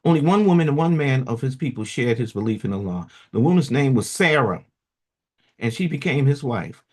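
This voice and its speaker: A radio host reading a religious story aloud and breaking off into loose, chatty commentary full of fillers. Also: male voice, mid-range voice, expressive, a little fast, a little mellow.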